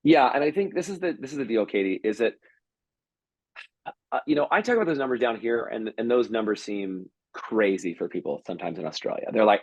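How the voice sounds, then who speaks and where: Fast-talking husky man coaching business owners. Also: mid-range voice, dry recording, highs cut off. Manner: energetic storytelling, quick and emphatic. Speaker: salon business coach, podcast guest. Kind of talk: casual podcast interview.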